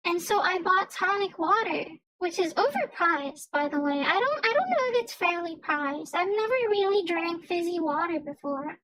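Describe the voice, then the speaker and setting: A woman's voice: extremely high pitch, expressive, moderate pace, hardly any pauses, fairly bright tone, low-quality recording. A young woman streamer in casual livestream chat, rambling and often stammering and restarting her sentences.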